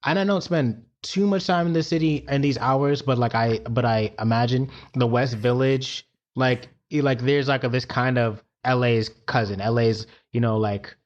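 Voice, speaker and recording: A man co-hosting a casual podcast, rambling through loose thoughts. His voice sits at an ordinary middle pitch, and he fills it with restarts and "you know"s. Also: normal speed, hardly any pauses, lo-fi sound. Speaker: podcast co-host. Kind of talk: casual chat.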